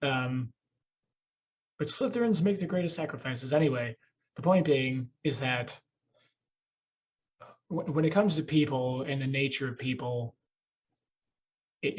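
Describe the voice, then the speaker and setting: Husky-voiced man in a rambling podcast chat. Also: medium pitch, dull audio. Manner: profane, joking, rambling with restarts. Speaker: podcast host.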